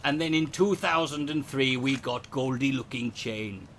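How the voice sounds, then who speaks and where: A man's voice: mid-range voice, measured pace, fairly bright tone, slight background noise. A man performing a stand-up comedy routine, rambling and profane, slipping into impressions.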